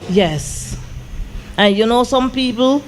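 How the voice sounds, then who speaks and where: A woman's voice: a little high, slow, slight background noise. A woman, a gospel singer and songwriter telling an emotional story as an interview guest, with lots of "I said" retellings. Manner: animated, repeats "I said" when retelling.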